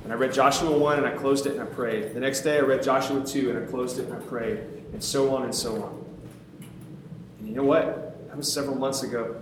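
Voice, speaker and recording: Animated preacher in a very echoey hall. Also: male voice, medium pitch, brisk, noisy background. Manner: animated, conversational, self-mocking, laughs often. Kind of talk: sermon.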